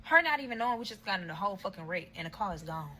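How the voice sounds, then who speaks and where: Racing through her breakup story, a woman with a fairly low, sharp-toned voice talks directly to her vlog viewers, swearing bluntly and often. She mimics others' voices for quotes, and the poor audio carries a little hiss or hum.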